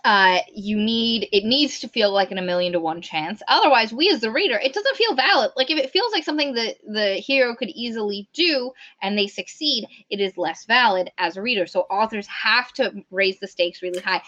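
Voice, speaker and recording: A woman's voice: on the high side, brisk, hardly any pauses, bright, forceful tone. Woman, podcast co-host, enthusiastic, retells scenes, dull lo-fi audio. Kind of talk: casual book discussion. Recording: slightly dull lo-fi sound.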